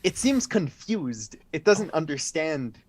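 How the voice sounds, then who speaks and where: A man narrating as dungeon master of an improvised tabletop game, animated and often breaking into laughter. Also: fairly high pitch, takes it slowly, no room sound. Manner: animated, laughs between lines.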